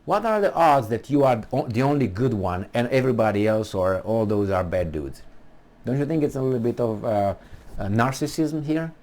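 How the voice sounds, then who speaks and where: A man's voice: medium pitch, expressive, moderate pace, darkish tone. A man giving an emphatic political monologue, full of rhetorical questions and restarts. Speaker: political commentator.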